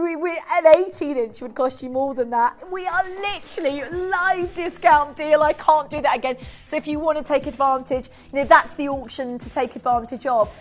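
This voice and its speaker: A woman presenting on a live shopping channel, chatty and excitable, laughing often and reading out buyers' names. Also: sits high, normal speed, hardly any pauses, faint music behind. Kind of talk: live TV sales pitch.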